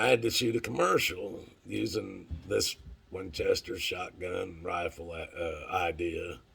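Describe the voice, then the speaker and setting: A man's voice: low-pitched, vocal fry, fairly bright tone, husky. A middle-aged man telling a rambling, profane story in a casual way, acting out the voices of people he quotes.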